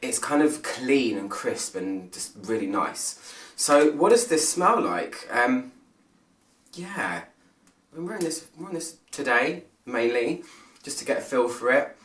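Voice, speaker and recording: A British man talks casually to camera, rambling and poking fun at himself. His voice sits at a middle pitch. The mic sits some way off in a roomy space, so the sound echoes. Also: expressive, unhurried, fairly bright tone, recorded from a distance. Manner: chatty and self-mocking, with many fillers and restarts. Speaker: fragrance reviewer.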